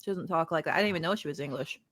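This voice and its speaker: A woman's voice: low voice, very fast, a bit bright, dry recording, studio quality. An American woman chatting casually about comics on a podcast, laughing often and trailing off mid-sentence. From United States. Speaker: podcast co-host. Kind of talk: casual comic book review chat.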